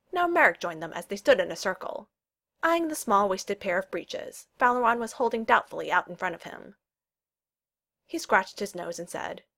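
A woman's voice: normal speed, creaky. A woman reading a storybook aloud, giving the characters' lines their own voices. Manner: reads narration evenly and voices the characters' lines with lively pitch jumps. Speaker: audiobook reader. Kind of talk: storybook narration.

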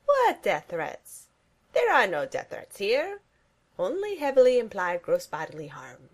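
A woman's voice: medium pitch, wildly swooping pitch, a little slow, pitched above the performer's own voice. A woman voicing a pompous, dryly menacing male supervillain in a fan fiction reading. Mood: mock-menacing. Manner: dry, theatrically threatening.

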